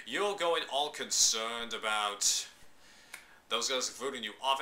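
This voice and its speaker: A man's voice: mid-range voice, lively intonation, a little slow, sharp tone. A man giving his opinions in a casual, chatty vlog, loose and slangy, with bursts of exclamation. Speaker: vlogger reviewing a reality show.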